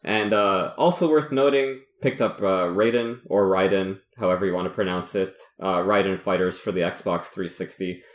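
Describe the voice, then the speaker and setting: Low voiced dude on a podcast, upbeat, joking, roomy. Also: male voice, moderate pace, few pauses. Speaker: podcast co-host. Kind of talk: casual chat.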